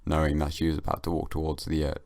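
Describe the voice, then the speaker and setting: A young man hosting a casual solo podcast, sleepy and just woken, musing in a rambling, deadpan comic way. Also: rumbling low, fast, vocal fry, dry recording, studio quality. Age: young adult. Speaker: podcast host. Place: at home, downstairs.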